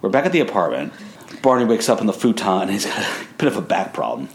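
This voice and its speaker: A man's voice: on the low side, sing-song, fast talker. A man co-hosting a casual recap chat, talking in a wry, dry way with chuckles. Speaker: podcast co-host.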